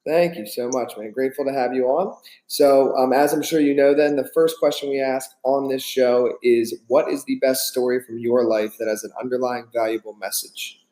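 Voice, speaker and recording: Casual male podcast host, mellow voice, recorded in a roomy space. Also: medium pitch, steady tone, normal speed. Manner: upbeat, asks set questions. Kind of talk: casual interview.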